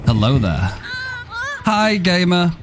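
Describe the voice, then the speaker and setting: A man's voice: high-pitched, very animated, slow pace, music in the background. A man live-streaming a game, chatting casually and playfully, joking and thanking viewers by name, with casual swearing.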